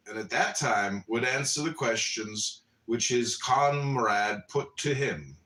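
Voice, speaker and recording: Forceful man in an echoey room. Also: on the low side. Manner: blunt, joking, crude. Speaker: podcast host. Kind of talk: casual chat and story reading. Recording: roomy, distant mic.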